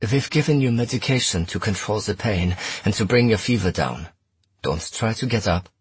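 A man voicing a calm male doctor who speaks in a soft murmur in an audiobook. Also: fairly low pitch, normal speed, husky, dry recording. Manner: murmured, soothing.

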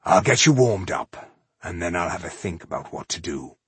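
A man voicing a cheerful male dwarf warrior who teases his friend, husky-voiced and easygoing. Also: deep voice, expressive, normal speed, no room sound, heavily acted. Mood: teasing. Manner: jovial, mocking, easygoing.

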